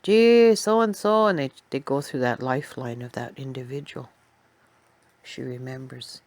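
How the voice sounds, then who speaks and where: A woman telling a personal story in a soft, quiet, unhurried way. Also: very deep voice, little pitch movement, no echo.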